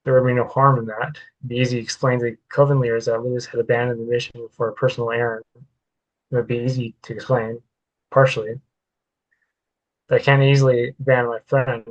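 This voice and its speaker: Flat-voiced man reading his own story. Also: mid-range voice, fairly quick, highs cut off. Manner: plain reading with occasional stumbles and self-corrections. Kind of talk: reading a work-in-progress story aloud.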